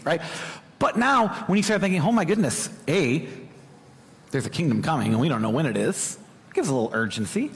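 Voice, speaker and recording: A young man giving a conversational sermon as a preacher, animated and talking straight to the congregation with asides. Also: on the high side, fairly quick. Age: young adult. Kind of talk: sermon teaching. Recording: hall reverb.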